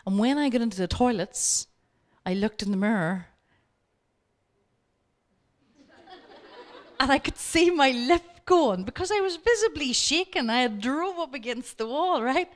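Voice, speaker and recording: A woman speaking at a workshop, telling lively stories and coaching her audience directly. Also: high-pitched, a little slow. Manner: lively anecdotes, acting out both sides of the dialogue. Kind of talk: storytelling lecture.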